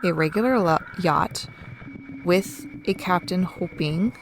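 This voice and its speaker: A woman voicing a sinister unseen male figure who tempts a keeper, in a slow, hushed, menacing way while reading game dialogue aloud. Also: on the low side, background noise.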